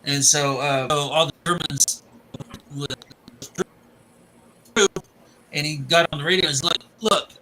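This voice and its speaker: A man's voice: fairly high pitch, steady tone, measured pace, pauses often, bright, forceful tone, poor audio. A man casually retelling the plot of a film, rambling and restarting as he goes.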